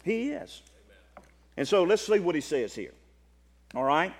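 In a high, sing-song voice, a Southern American preacher delivers an impassioned sermon, swinging between loud, drawn-out proclamations and quiet, rapid asides. A long reverb trails his words, as if he were filling a large hall.

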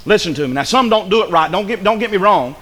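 Preacher guy giving a sermon, high voice, goes from yelling to real quiet, lots of hall reverb. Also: animated, fast. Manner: fiery preaching, swinging from loud shouts to hushed lows. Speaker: pastor. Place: church sanctuary.

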